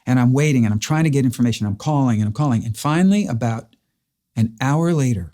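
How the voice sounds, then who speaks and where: Earnest man hosting a mellow interview. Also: mid-range voice, expressive, fairly quick. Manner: earnest, emotional retelling with restarts. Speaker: host. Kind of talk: casual interview storytelling.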